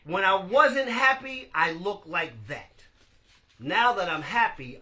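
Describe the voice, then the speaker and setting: A man hosting a casual live-stream podcast, animated and laughing as he talks to his viewers. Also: sits high, takes it slowly. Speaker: podcast host.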